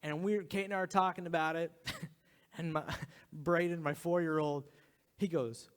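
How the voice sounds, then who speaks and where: A man in his thirties preaching a sermon as a pastor, talking earnestly and dropping to a hushed whisper for emphasis. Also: a little high, steady tone, normal speed, long pauses, smooth. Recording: long hall reverb.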